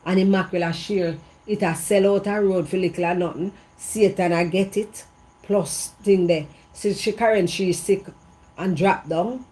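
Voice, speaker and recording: Outdoors in an evening breeze, a Jamaican vlogger gossips in patois, repeating herself for emphasis as she tells her story. Her mid-range voice has a darkish tone, fairly even intonation, and a moderate pace.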